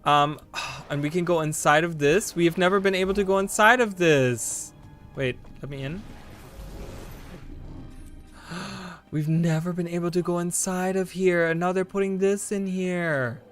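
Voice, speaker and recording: A man's voice: high-pitched, normal speed, a bit bright, faint music behind. A man streaming a game live, rambling to his viewers with bursts of delighted exclamations and casual swearing. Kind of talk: casual live gameplay commentary.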